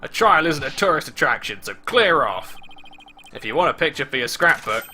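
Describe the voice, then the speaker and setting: A stern young court guard in a video game barks at a stranger to clear off, as a man reads his lines. The voice is gruff and dismissive, with a very bright, sharp edge. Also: a little high, very animated, normal speed, slight background noise, full character voice. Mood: annoyed.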